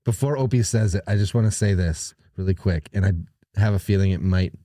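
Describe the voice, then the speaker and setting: A man's voice: low-pitched, a little fast, warm tone, no echo, studio quality. A man co-hosting a casual podcast chat, telling rambling, profane stories with lots of restarts. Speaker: podcast co-host.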